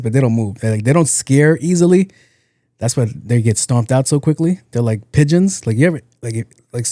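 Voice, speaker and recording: A young podcast host tells a comedic story in a loose, animated style, acting out the people in it and laughing at his own tale. His pitch is medium, and the studio recording is clean with no room sound.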